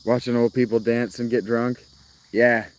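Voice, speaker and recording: Guy rambling to his stream chat outdoors at night, mid-pitch voice, crickets chirping behind. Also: level tone, normal speed, slight background noise. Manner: rambling, self-interrupting, laughs a lot. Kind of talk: casual live-stream chat.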